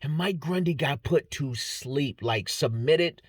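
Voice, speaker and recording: A man's voice: on the high side, slow pace, husky, no room sound. A man giving a casual, joking breakdown of fight results, rambling and stumbling over fighters' names. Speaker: MMA fight breakdown host. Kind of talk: casual solo commentary.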